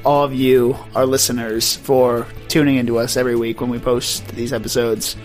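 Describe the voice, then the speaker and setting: A man's voice: mid-range voice, little pitch movement, moderate pace, darkish tone, faint music behind. Wry young man podcast co-host. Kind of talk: casual tipsy chat.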